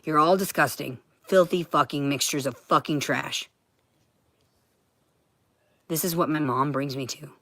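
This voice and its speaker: A woman talking to camera in a heated, profane monologue that keeps bursting into shouting. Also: deep voice, unhurried, pauses often, no echo.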